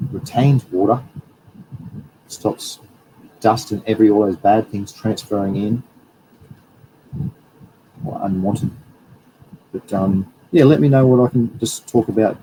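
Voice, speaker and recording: A man's voice: mid-range voice, warm tone, a little hiss or hum, rough recording. A man hosting a live stream, chatting loosely and correcting himself as he reads through slides. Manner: rambling, self-correcting, chatty. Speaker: livestream host, plant scientist. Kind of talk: casual livestream talk, reading through slides.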